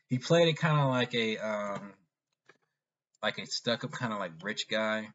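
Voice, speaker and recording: A man giving a casual, rambling movie review, often restarting and filling pauses as he talks. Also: fairly low pitch, animated, fairly bright tone. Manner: rambling, with frequent restarts and fillers. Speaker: film reviewer. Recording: dull lo-fi recording.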